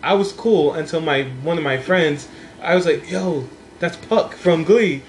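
A young man, a podcast co-host, telling a halting story with many fillers in casual chat. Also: a little high, a little hiss or hum.

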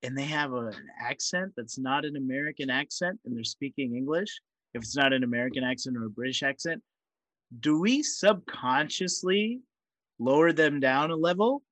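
A man's voice: medium pitch, lively intonation, normal speed, a bit bright, no echo. A man co-hosting a casual podcast, building long, questioning arguments. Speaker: podcast co-host. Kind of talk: casual chat.

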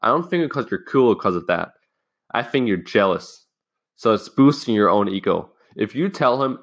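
A man's voice: on the low side, expressive, normal speed. A young man hosting a casual self-help talk, rambling and swearing as he tells a school story and acts out the people in it. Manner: rambling, swears freely, acts out quoted lines. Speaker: podcast host.

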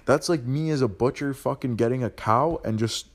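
A man's voice: mid-range voice, moderate pace. Profane ranting young man. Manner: profane, blunt street slang; animated, ranting. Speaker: podcast host. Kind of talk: casual monologue.

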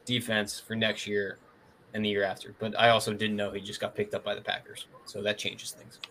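Man, co-host, casual sports opinions, bright voice, faint background noise. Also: fairly low pitch, completely flat delivery. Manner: quick, opinionated, uses "like" often. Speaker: podcast co-host.

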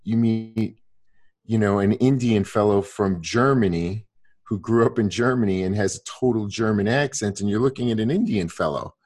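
A man's voice: on the low side, moderate pace, darkish tone. A man in his sixties in casual conversation, rambling with many restarts and fillers.

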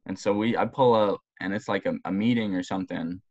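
A young man, a former college football player, telling long rambling stories in casual podcast talk, profane and animated. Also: fairly low pitch, a little fast, muffled recording. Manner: rambling, profane, animated storytelling with voiced quotes.

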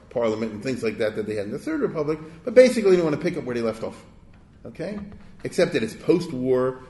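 A man's voice: mid-range voice, darkish tone. Digressive man lecturing in an echoey hall. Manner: conversational, with rhetorical check-ins; digressive, with restarts. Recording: echoey room.

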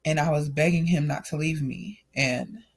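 A young adult man with a fairly high, slightly rough voice shares a personal testimony at normal speed. He tells his story casually, candid and emotional, in loose run-on sentences.

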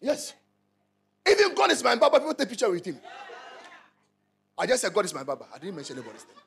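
A Ghanaian pastor preaches in an emphatic style, repeating his lines and calling out to his listeners. His voice is high and gravelly, with a husky edge. His pitch leaps and dips widely as he drives each point home. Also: huge pitch swings, quick pace, a bit bright. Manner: repetitive, call-and-response, emphatic. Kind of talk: sermon.

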